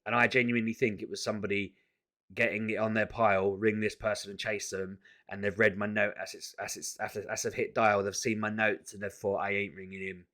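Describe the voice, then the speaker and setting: A man venting in a casual vlog to camera, exasperated and animated, often restarting his sentences. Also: fairly low pitch, a little fast. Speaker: vlogger.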